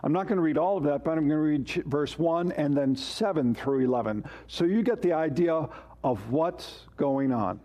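A man's voice: fairly high pitch, normal speed, dark tone. A man preaching a sermon as pastor, emphatic and asking rhetorical questions.

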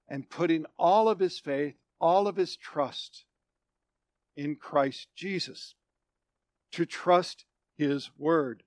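High-voiced, slow-speaking male preacher. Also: no echo. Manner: emphatic preaching that swings between loud declarations and hushed, low phrases; repeats and restates phrases for emphasis. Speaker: pastor. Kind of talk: sermon.

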